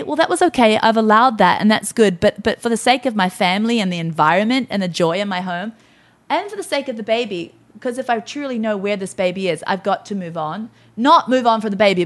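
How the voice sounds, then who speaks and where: A middle-aged woman co-hosting a faith-based podcast, talking earnestly and emotionally about grief and hope. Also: mid-range voice. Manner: earnest, emotional, quotes herself speaking to her body. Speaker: podcast co-host.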